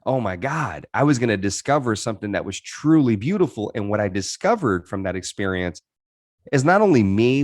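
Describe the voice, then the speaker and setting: This podcast guest, in his thirties and fairly low-pitched, tells his life story in candid interview style. He sounds earnest and reflective and restarts frequently, recorded dry at studio quality.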